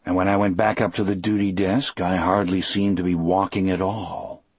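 A man narrating an audiobook in a measured, unhurried first-person telling. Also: deep voice, level tone, husky, dry recording.

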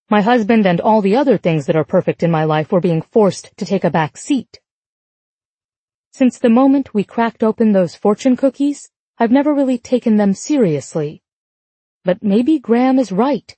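Mellow woman reading a romance audiobook. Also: medium pitch, breathy edge, dry recording. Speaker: audiobook narrator. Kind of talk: first-person romance narration.

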